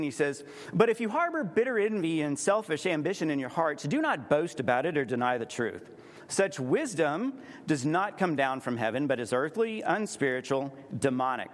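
A man preaching a sermon in a conversational way, acting out quoted voices as he explains scripture. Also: on the high side. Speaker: pastor. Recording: long hall reverb.

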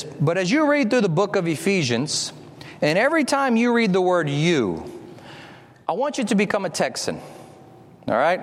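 A man preaching a sermon in a lively, animated way, stretching key words as he reads scripture and explains it. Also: a little high. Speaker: pastor. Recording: long hall reverb.

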